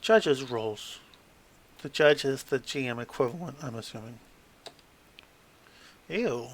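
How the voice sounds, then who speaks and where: A man's voice: mid-range voice, lively intonation, unhurried. A man flipping through a tabletop game book, reading passages aloud with wry asides and stumbling over hard words.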